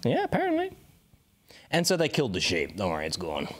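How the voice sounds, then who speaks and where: A man co-hosting a podcast, chatting casually and joking around. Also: fast. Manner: joking, animated and swooping in pitch. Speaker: podcast co-host. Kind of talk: casual chat.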